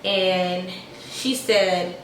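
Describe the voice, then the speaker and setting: A young woman vlogger telling a casual storytime to her viewers in a sassy, animated way. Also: on the low side, drawn-out words, echoey room, far from the mic, slight background noise, low-quality recording.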